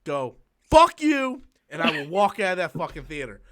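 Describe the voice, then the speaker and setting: High-voiced man ranting and cursing. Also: fast talker, a bit bright. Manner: profane, ranting, mocking, with mimicked quotes. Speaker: channel host. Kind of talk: casual live-stream chat.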